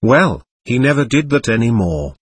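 A man's voice: mid-range voice, very animated, moderate pace, breathy edge, dry recording. A man reading aloud, voicing the childlike spirit of a simple country man who speaks in short, boastful, giggly phrases.

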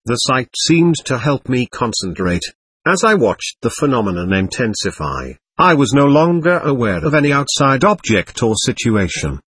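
Husky, lively male audiobook narrator. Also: medium pitch, normal speed.

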